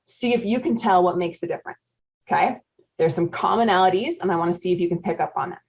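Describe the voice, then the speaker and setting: A woman in her forties with a lowish, husky, slightly mellow voice talks fast while hosting a live marriage-coaching webinar. She's chatty, laughs often, and quizzes her audience; the audio is dull and lo-fi.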